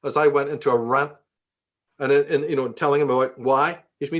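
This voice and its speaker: A man's voice: a little high, quick pace. A man with a Belfast accent, a guest in an interview, telling stories with plenty of swearing and acting out the voices of the people in them. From Northern Ireland. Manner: profane, acts out quoted dialogue. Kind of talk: conversational storytelling.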